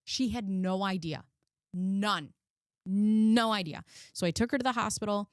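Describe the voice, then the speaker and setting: A woman's voice: medium pitch, measured pace, clear, resonant tone, dry recording, studio quality. A woman in her forties talking casually and bluntly, swearing often as she tells a personal story on her commentary channel. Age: 40s. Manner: blunt, frequent swearing, emotional. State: close to tears.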